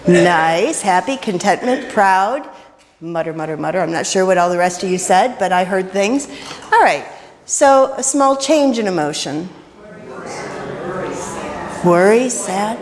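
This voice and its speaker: A woman minister leading an interactive sermon, chatty and playful with quick jokes, in a church. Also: mid-range voice, expressive, a little hiss or hum. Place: church sanctuary. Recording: reverberant church hall.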